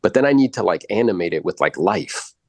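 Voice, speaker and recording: A man coaching a real estate agent after a live role-play call, animated and blunt, often swearing and acting out quotes in exaggerated voices. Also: sits low, fairly quick, no echo.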